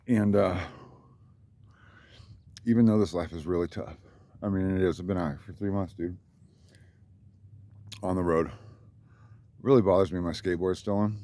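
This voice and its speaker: A man with a lowish voice rambles through a profane story about his own life. He sounds boastful and worked up, and his pitch leaps up whenever he quotes someone else. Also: normal speed, pauses often, darkish tone. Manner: rambling, profane and boastful, voice jumps up when quoting others. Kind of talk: rambling monologue.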